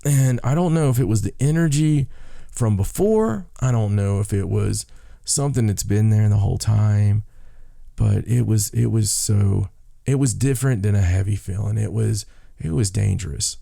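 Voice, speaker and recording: A man's voice: on the low side, moderate pace, creaky, warm tone, no room sound, clean studio sound. A man co-hosting a podcast, telling stories in a rambling casual way, repeating and restarting words. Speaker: podcast co-host. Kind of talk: casual chat, storytelling.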